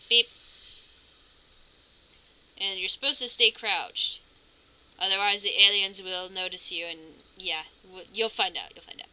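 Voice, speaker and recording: Narrating her moves with nervous reactions, a chatty woman commentates her own playthrough. She speaks at medium pitch with fairly even intonation, normal speed, and a bright, forceful tone; slight background noise mars the low-quality audio.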